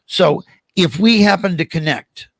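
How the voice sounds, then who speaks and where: A gravelly, fairly high-voiced older man tells animated anecdotes as a podcast guest. He jumps into the voices of the people he quotes. The sound is close and dry. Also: a little slow, no room sound. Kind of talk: casual storytelling interview.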